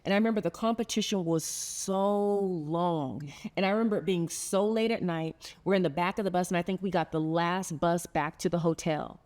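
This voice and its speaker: A woman's voice: fairly low pitch, normal speed, darkish tone. A middle-aged woman hosting a heartfelt sit-down conversation, telling a story earnestly and laughing often. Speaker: podcast host.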